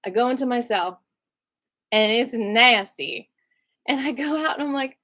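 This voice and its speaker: A woman's voice: measured pace, pauses often. A young woman telling a personal story to camera in an emotional vlog, acting out the voices of the people in it. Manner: animated, acts out other people's lines with big pitch jumps.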